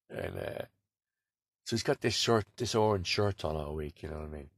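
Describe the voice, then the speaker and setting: A man with a very deep voice tells rambling, casual stories about his work as a bus driver and laughs easily between them. He is recorded close and dry, with no room sound around him. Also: dry recording. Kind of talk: casual anecdotal storytelling.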